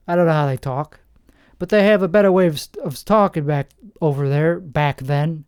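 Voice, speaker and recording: A man in his forties from New Jersey, hosting a rambling comedic monologue with deadpan, self-mocking asides. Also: fairly high pitch, a little fast, clear, resonant tone, no echo, clean studio sound. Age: 40s. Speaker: comedian host.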